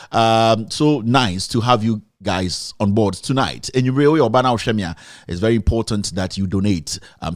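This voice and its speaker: A man hosting a live online TV show from a studio, talking in a halting way with many pauses and restarts. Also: lowish voice, dry recording. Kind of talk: live broadcast chat, thanking donors.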